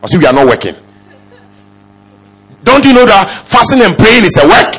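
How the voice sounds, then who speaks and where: A male pastor preaching a sermon, firing off rhetorical questions and swinging from low murmurs to loud exclamations. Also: very animated, normal speed, breathy edge.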